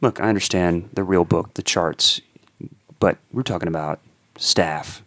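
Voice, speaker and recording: Low-voiced male podcast host. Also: a little slow, fairly bright tone, no echo. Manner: attentive, frequent short affirmations. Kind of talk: interview questions.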